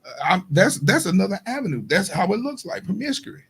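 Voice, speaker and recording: Host, male, gravelly and husky, earnest and searching. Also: high-pitched, very animated, fairly quick, fairly bright tone. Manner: earnest, repeats phrases while searching for words. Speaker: podcast host. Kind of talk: reflective casual conversation.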